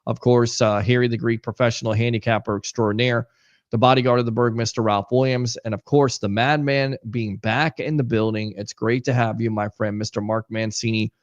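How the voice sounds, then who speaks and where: A man hosting a casual sports talk show, keeping his voice down in a near monotone. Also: medium pitch, brisk, no echo, lo-fi sound. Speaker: host.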